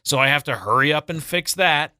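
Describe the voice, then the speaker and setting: Radio guy, forties, super bright slightly high voice, acts out his stories, dry studio sound. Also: brisk, dry recording. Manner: animated storyteller, acts out voices in quotes. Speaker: radio morning show co-host. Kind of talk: casual on-air banter.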